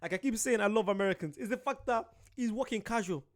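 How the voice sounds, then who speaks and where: A British man hosting a casual reaction video, excitable, laughing often and talking straight to his viewers. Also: sits high, fast.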